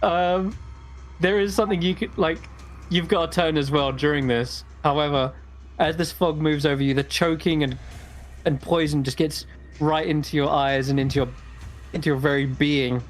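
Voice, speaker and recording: A man's voice: fairly high pitch, normal speed, soft background music. Easygoing male dungeon master. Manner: relaxed, rambling narration with fillers. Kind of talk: narrating a tabletop game.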